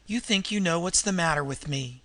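A man voicing a sick, desperate woman criminal in disguise, who speaks in a hoarse, labored voice with slangy underworld talk. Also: fairly high pitch, expressive, brisk, fairly bright tone, no echo.

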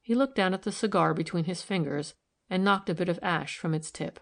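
Calm woman reading a novel out loud, kinda gravelly. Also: on the low side, a little fast. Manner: calm, even storytelling. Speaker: narrator. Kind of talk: audiobook narration.

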